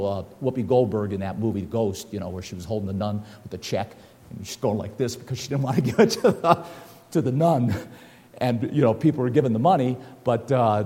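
A man's voice: mid-range voice, warm tone, long reverb tail. An older man preaching a sermon at a lectern, telling folksy stories and reading scripture aloud. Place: church hall at a lectern.

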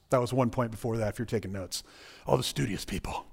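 A man's voice: mid-range voice, quick pace, vocal fry, breathy edge. A man giving a conversational sermon, talking directly to the listeners as guys and often restarting his phrases. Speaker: preacher.

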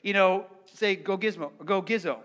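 Guy preaching to his church, high-ish voice, chatty, keeps talking to the crowd. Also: moderate pace, a bit bright. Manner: conversational, repeats words, engages congregation. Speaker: pastor. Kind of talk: sermon.

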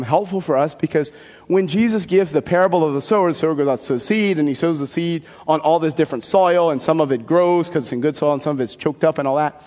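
A man preaching a homily as a priest, in a conversational and animated way with folksy asides. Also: on the high side. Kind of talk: sermon. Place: church. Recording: long church reverb.

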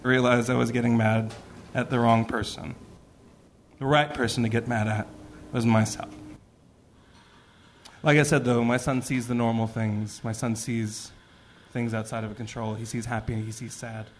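A man's voice: mid-range voice, moderate pace, long pauses, slight background noise. A man reading a personal story to a live audience, acting out the voices he quotes. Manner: animated, acts out quoted voices.

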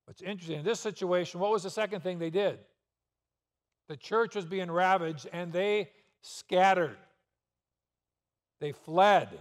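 This male pastor speaks in a high voice, taking his time and pausing often during his sermon. He leans on rhetorical questions and sudden emphasis to press his points, and the church sanctuary gives the recording a long, echoing reverb.

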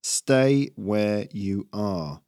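A man's voice: lowish voice, no echo, clean studio sound. A man voicing Garriott, a menacing squirrel leader. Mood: commanding. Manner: slow, menacing, commanding. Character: ruthless male squirrel rebel leader.

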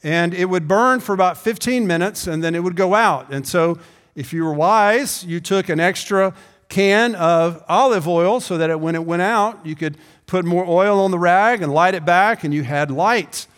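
A man's voice: high-pitched, moderate pace, fairly bright tone. A man preaching a sermon as the pastor, talking conversationally, often repeating words and asking the congregation questions. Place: church sanctuary. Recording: long reverb in a church hall.

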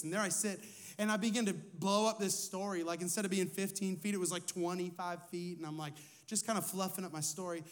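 A man's voice: sits high, fairly even intonation, brisk. A man who is a lead pastor, preaching a sermon in a conversational way, asking his listeners questions and telling personal stories.

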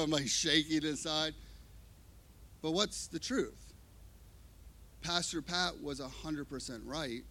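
A man preaching a sermon, telling a personal story with lively, expressive delivery. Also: medium pitch. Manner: expressive storytelling, acting out scenes. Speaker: pastor.

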